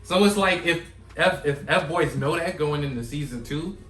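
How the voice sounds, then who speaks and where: A man co-hosting a podcast in casual chat, animatedly retelling scenes and mimicking people. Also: moderate pace. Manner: animated, mimics others in high squeals while retelling. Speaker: podcast co-host. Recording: roomy, distant mic with faint music.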